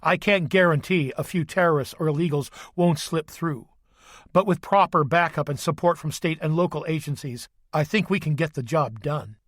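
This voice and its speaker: A man's voice: fairly high pitch, normal speed, fairly bright tone, no room sound, studio quality. A man reading the lines of a stern, formal male Army sergeant major in an audiobook, firm and clipped.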